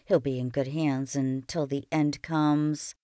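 Brief: woman narrator playing a grave, steady small-town doctor for a storybook, low and unhurried, dry close sound. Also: dry recording. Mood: coaxing. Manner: quiet, slow and measured. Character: grown woman country doctor, calm and firm.

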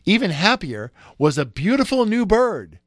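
A man reading a children's tale aloud as narrator, in an expressive, measured way. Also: sits high, no echo, clean studio sound. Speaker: storyteller. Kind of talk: scripted narration.

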